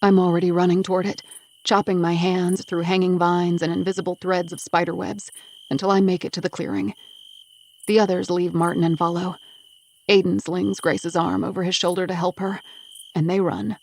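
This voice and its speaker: Low gravelly woman reading an audiobook. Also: fairly even intonation, moderate pace, darkish tone, a little hiss or hum. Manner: intense, emotional reading. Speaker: audiobook narrator. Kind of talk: first-person audiobook narration.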